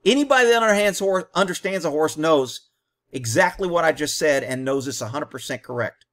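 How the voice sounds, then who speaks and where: A man's voice: fairly high pitch, expressive, brisk, fairly bright tone. A man hosting a commentary on a training video, talking bluntly and combatively in short, punchy explanations.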